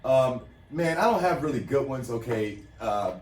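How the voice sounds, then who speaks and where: A man's voice: medium pitch, lively intonation, normal speed, darkish tone. Man, casual chat, joking, teasing, roomy room, distant mic. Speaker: podcast co-host. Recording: roomy sound from far off the mic.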